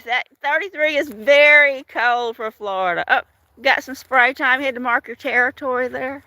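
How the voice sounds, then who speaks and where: A woman from Washington state, speaking in a high, bright, forceful voice at normal speed, strolls her storm-damaged yard on a live stream. She chats casually, welcomes viewers by name and laughs frequently; the recording is dry.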